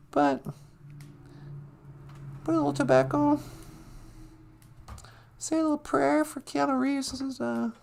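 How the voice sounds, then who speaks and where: High, gravelly woman hosting comic chat. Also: mellow. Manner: mock-earnest and sarcastic, with solemn mock prayers. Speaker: host. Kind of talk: comic live-stream chat.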